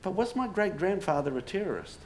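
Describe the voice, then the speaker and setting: This public lecture in a pub has a man telling stories with wry humour and rhetorical questions to a live audience that laughs amid faint room noise. His voice sits high with big pitch swings and a darkish tone, moving a little fast.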